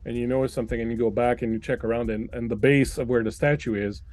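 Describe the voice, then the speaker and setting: A man's voice: mid-range voice, fairly even intonation, fast talker, a little mellow. A man narrating as game master in a tabletop game, rambling with many fillers. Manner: meandering, filler-heavy.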